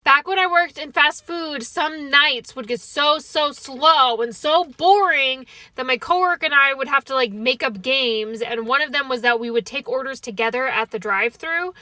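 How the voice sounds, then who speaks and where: Bright, high-voiced woman telling stories. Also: moderate pace, few pauses, dry recording. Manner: wry, animated retelling with acted-out quotes. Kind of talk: storytelling voice-over.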